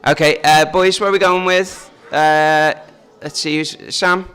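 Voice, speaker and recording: A man's voice: on the high side, fairly even intonation, unhurried, sharp tone, clean tone. A man leading a family church service, talking in a chatty, joking way and asking the children questions. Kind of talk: informal family service talk.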